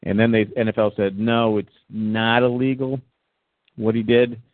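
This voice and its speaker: A man's voice: fairly low pitch, fairly even intonation, moderate pace, dry recording. A man hosts a casual sports talk show and rambles through his points with plenty of restarts. His voice comes across a dry, tinny, phone-like line. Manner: rambling, many restarts and fillers. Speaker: podcast host.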